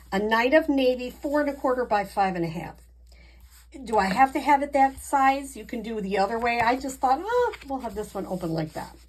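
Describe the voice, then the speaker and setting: A woman's voice: a little high, a little hiss or hum. A woman hosting a card-making tutorial, chatty and encouraging, poking fun at her own mistakes as she works. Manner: chatty, self-deprecating, encouraging. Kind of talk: casual crafting demonstration.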